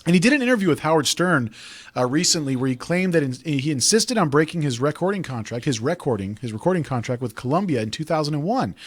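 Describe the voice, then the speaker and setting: A man's voice: fairly high pitch, lively intonation, fast, no echo. A man hosting a talk radio show, chatting casually and rambling into digressions.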